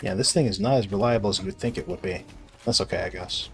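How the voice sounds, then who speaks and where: A young man casually rambling and swearing as he plays a video game, sarcastic and quick to laugh at himself. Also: lowish voice. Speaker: gaming video creator. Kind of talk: casual rambling commentary while playing.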